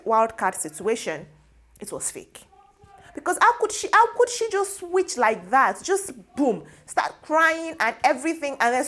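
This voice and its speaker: A woman host with a Nigerian accent gives her take in a casual, gossipy commentary. She talks in an animated, opinionated way and drops pidgin words into her sentences. Her voice sits at a middle pitch for a woman and comes through a close lapel mic. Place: studio.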